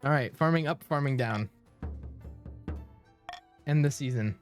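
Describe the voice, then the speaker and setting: Excitable young man streaming a game. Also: unhurried, soft background music. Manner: excitable, shouts at chat, swears, reads story text in a lower voice. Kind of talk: live game commentary and reading aloud.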